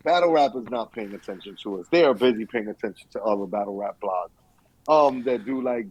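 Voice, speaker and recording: A young man co-hosting a podcast in casual chat, telling stories with lively acted-out quotes. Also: on the low side, moderate pace, breathy edge, lo-fi sound. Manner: animated storytelling, acts out quotes. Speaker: podcast co-host.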